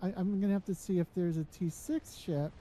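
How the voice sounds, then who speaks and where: Very dark-voiced woman chatting while gaming. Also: on the low side, a little fast, a little hiss or hum. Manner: chatty, animated, excitable. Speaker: host and gamer. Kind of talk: casual livestream gaming chat.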